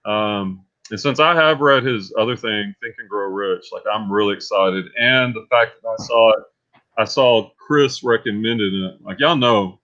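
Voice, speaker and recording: A man's voice: fairly low pitch, a little slow. Chatty man hosting a muffled live stream. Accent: Texan. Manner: animated, reads reviews aloud in a put-on voice. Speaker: host. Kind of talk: casual live-stream chat.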